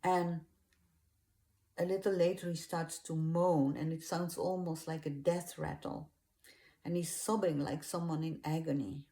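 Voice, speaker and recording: Woman, storyteller, low voice, unhurried, hesitant with restarts. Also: little pitch movement, dark tone. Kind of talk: spoken retelling of a religious story.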